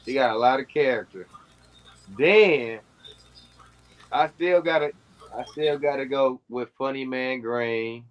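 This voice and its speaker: A man's voice: medium pitch, slow pace, long pauses. A man comedian chatting casually on a comedy game show, easygoing and drawling. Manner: easygoing, drawling, laughs loudly. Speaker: comedian contestant. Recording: dull lo-fi stream audio.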